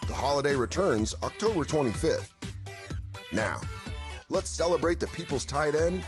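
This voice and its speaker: A man's voice: a little high, lively intonation, normal speed. A man narrating a sports feature in an upbeat announcer style. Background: music.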